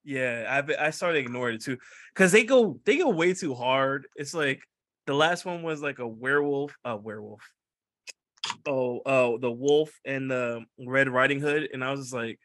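A man in casual, profane chat, animated and quick to laugh. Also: mid-range voice, dry recording, clean studio sound. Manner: animated, swears freely, laughs often.

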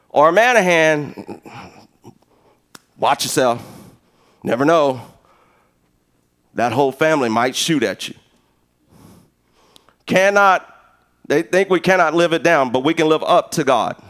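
A middle-aged man preaching a sermon as pastor, an animated, joking storyteller who acts out conversations. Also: on the high side.

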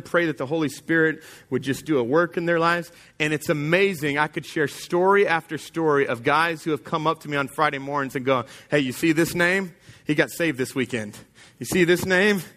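Casual, emphatic man preaching, with a slightly high voice and a plain-spoken way of talking. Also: fairly bright tone. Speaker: pastor. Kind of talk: sermon.

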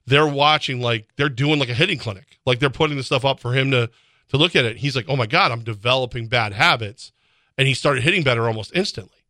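A man's voice: medium pitch, fast talker, no echo, studio quality. A man co-hosting a sports radio show, talking casually and animatedly, laughing and acting out imagined exchanges. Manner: animated, laughs often, acts out imagined dialogue.

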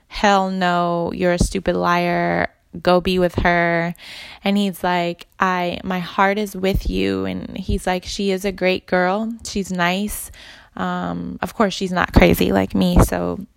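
Woman vlogger with a gravelly voice, chatty and animated, acting out quotes. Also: on the low side, no echo. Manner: chatty, animated, quoting others with lively voices. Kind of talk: casual storytelling to viewers.

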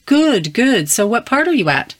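A woman's voice: fairly high pitch, sing-song, normal speed, voice pushed up. A woman doing a pleased creature dad. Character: creature father with round ears, pleased, doting.

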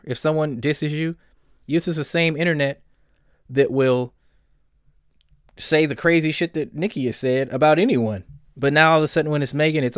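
A man's voice: medium pitch, a little fast, dry recording, studio quality. A man hosting a solo commentary podcast, ranting bluntly and profanely, often getting heated. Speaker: podcast host.

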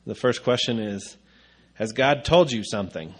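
A man's voice: lowish voice, expressive, normal speed, husky. A man preaching a conversational sermon, casual and rambling with frequent filler sounds.

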